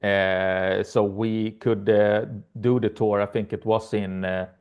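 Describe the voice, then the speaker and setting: A man, a band's guitarist and lead singer, answering interview questions in English with many pauses. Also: fairly low pitch, little pitch movement, clear, resonant tone, muffled recording. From Sweden.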